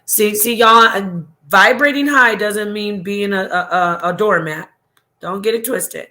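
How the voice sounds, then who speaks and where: A middle-aged woman hosting a casual livestream, reading her chat and talking warmly, often trailing off and restarting her sentences. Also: medium pitch, a little slow. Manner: chatty, affectionate, trailing off and restarting. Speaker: livestream host.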